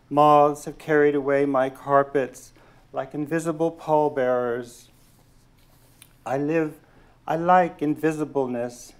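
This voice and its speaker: A man, a poet, reading his poems aloud at a lecture event, pausing with hesitant asides between poems and reading the verse in a slow, measured way. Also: a little high, a little mellow, clean tone. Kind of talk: poetry reading. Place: lecture hall.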